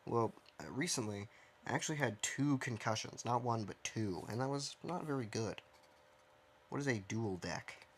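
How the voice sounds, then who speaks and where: A man giving casual, rambling commentary while he plays a game, mocking himself and thinking out loud from his own dim room. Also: medium pitch, moderate pace, husky. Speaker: gaming streamer.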